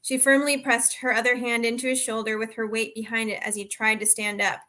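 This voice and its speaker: A woman author, a guest on the show, reads aloud from her own novel at a steady pace and corrects herself lightly now and then. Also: on the high side, fairly quick.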